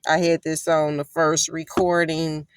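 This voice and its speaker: Woman doing a bible study on her phone, slow and kinda low, annoyed, says stuff over and over. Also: level tone, a little hiss or hum. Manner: irritated, repeats herself. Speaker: host of an online Bible study. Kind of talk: casual livestream Bible study. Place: in her vehicle. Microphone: phone camera.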